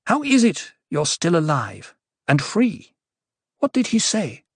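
A man voicing a quick-tempered, imperious young noblewoman in an audiobook, speaking in a sharp, commanding and scornful way. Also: on the high side, wildly swooping pitch, gravelly, slightly rough, dry recording, clean studio sound, pitched above the performer's own voice, exaggerated voice. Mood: demanding. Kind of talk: audiobook character voice.

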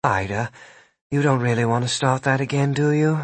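A man's voice: mid-range voice, moderate pace, dry recording, close to an everyday voice. A man voicing a stubborn, determined sorceress who speaks in a wry, blunt way, in a read-aloud fantasy story.

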